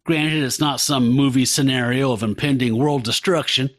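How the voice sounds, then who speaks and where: A man's voice: medium pitch, fairly even intonation, moderate pace, a bit bright, no echo, clean studio sound, lightly acted. A man voicing a smug comic-book villain in a put-on American Southern accent, reading his lines in a pompous, pontificating way. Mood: gloating.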